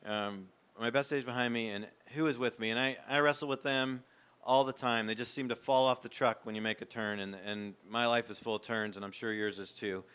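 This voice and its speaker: A man's voice: mid-range voice, fairly even intonation, fairly quick, a bit bright, clean tone. A man in his fifties, a former pastor, giving a candid, reflective, conversational talk to a men's gathering.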